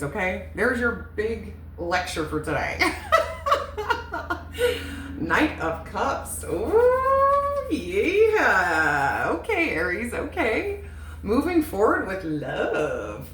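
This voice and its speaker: Low-voiced chatty woman reading tarot. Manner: chatty and emotional, swears, laughs often. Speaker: tarot reader. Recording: echoey room with faint noise.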